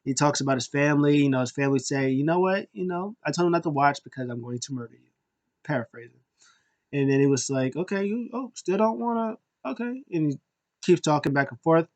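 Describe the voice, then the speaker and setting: Animated man recapping wrestling. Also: mid-range voice. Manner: animated, acts out wrestlers' lines in quick impressions. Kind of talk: casual recap commentary.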